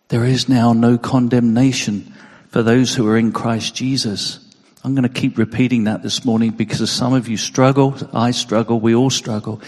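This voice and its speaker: An earnest male preacher gives a Sunday sermon, his mid-range, slightly mellow voice full of emotion. To drive a point home he often repeats a word or two. A long reverb from a big church hall hangs on the sound.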